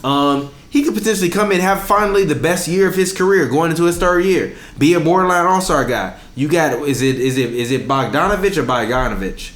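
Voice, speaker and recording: A man's voice: a little high, a little fast, few pauses, roomy sound. A man co-hosting a casual sports podcast, arguing his point hard, talking over his partner and stumbling on names. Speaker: podcast co-host.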